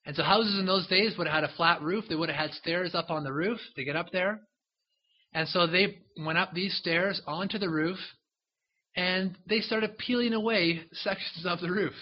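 A man's voice: high voice, normal speed, lo-fi sound. A man preaching a sermon, retelling a Bible story in a conversational way with frequent asides to his listeners.

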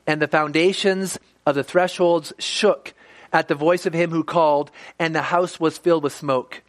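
A man with a rather high voice gives a sermon. His delivery is conversational rather than formal, and he sometimes slips into the voices of the people he quotes. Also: fairly even intonation, normal speed. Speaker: pastor.

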